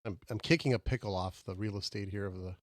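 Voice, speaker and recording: A man co-hosting a podcast, reviewing fast food in casual chat and making his case with animated, argumentative energy. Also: on the low side, dry recording, clean studio sound. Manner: animated, argumentative, talks with mouth full. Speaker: podcast co-host.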